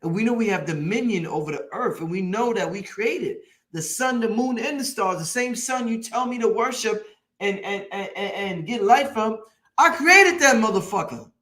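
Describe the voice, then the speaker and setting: A man with a high-pitched voice preaches to his online audience in a loose, emphatic way. He drives points home by repeating them and swears freely as he goes. It sounds like a motivational talk on a late-night live stream. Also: lively intonation, normal speed, sharp tone.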